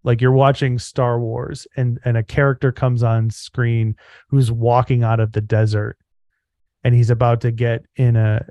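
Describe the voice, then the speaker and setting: A man's voice: mid-range voice, level tone, a little slow, no echo, lo-fi sound. A man co-hosting a podcast, speaking in an earnest, reflective way with frequent fillers such as "um" and "like". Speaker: podcast co-host. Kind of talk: casual podcast chat.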